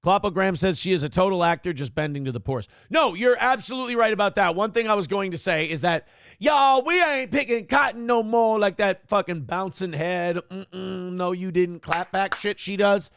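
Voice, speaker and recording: A man's voice: high voice, a little fast, few pauses, a bit bright, clear, resonant tone, no room sound, studio quality. A male talk show host in casual live-stream chat, profane and joking as he reads out viewer comments.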